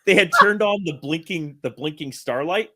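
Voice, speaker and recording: A man in his thirties, guesting on an interview, casually spins a long, rambling anecdote, correcting himself and laughing along the way. His voice is fairly high, bright and forceful, with lively intonation at a normal speed.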